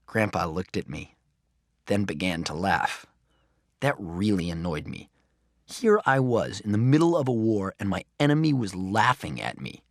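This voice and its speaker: A man reading a children's chapter book aloud in an expressive first-person narration. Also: deep voice, normal speed, no echo, clean studio sound. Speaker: audiobook reader.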